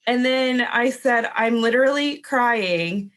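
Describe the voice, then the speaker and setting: A woman co-hosting a podcast in a relaxed, chatty way, laughing through her anecdotes. Her voice is slightly high and she speaks at an unhurried pace. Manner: chatty, laughs while telling stories. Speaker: podcast co-host. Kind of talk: casual chat.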